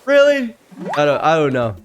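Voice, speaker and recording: Man reading stories while gaming, slightly high voice, loud jumpy outbursts, soft music behind. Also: normal speed, lo-fi sound. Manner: reacts loudly, jumps high in pitch.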